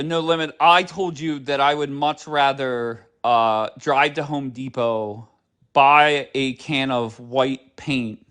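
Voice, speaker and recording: A man's voice: medium pitch, fairly bright tone, clean tone. A man hosting a live stream, talking bluntly and sarcastically with a lot of swearing. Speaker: livestream host. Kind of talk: casual live-stream chat.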